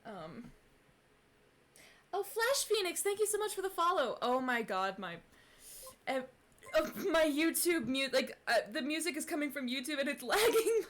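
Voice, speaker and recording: A woman's voice: high-pitched, big pitch swings, normal speed, pauses often, fairly bright tone, slight background noise. A young woman chatting casually on a live stream before reading fan fiction, giggly and full of fillers and restarts, on a cheap streaming mic. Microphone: cheap streaming mic on a laptop.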